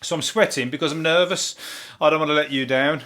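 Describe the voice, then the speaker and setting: A man with a Brummie accent hosting a topical comedy podcast, rambling through the news in a dry deadpan way with plenty of swearing and filler words. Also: a little high, a little fast. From England.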